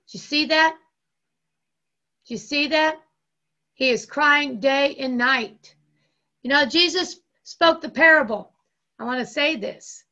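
A woman pastor delivers an impassioned sermon and leans on repeated phrases. Her voice sits high and sounds bright, with a gravelly rasp. She speaks slowly, and the recording sounds dull and lo-fi. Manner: impassioned preaching with slow, drawn-out emphasis and repeated phrases.

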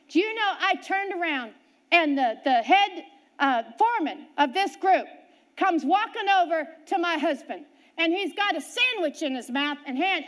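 Woman preacher, very high-pitched, animated storytelling, middle-aged, sermon. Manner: animated storytelling, swings between loud and quiet.

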